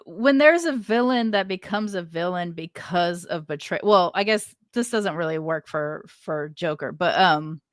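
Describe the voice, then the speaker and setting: A woman's voice: on the low side, a little slow, few pauses, dry recording, clean studio sound. A woman co-hosting a podcast, talking in a thoughtful, rambling way and laughing often. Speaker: podcast co-host. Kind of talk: casual chat.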